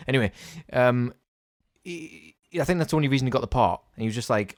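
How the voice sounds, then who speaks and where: A man co-hosting a casual podcast chat, blunt and sweary, slipping into quick impressions of other people. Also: mid-range voice, no room sound, studio quality. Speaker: podcast co-host.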